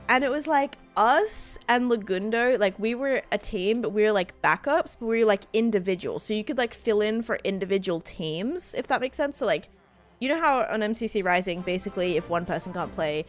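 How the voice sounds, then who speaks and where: A woman live streaming a game, excitedly thanking viewers and rambling through stories with lots of fillers. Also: mid-range voice, normal speed, faint music behind. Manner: rambling storytelling with many fillers. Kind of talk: casual live-stream chat while gaming.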